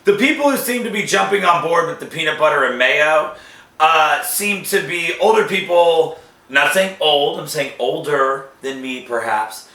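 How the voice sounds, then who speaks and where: A man hosting a casual food-tasting show, joking and reacting in a drawn-out, animated way. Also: on the high side. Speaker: show host. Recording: echoey room.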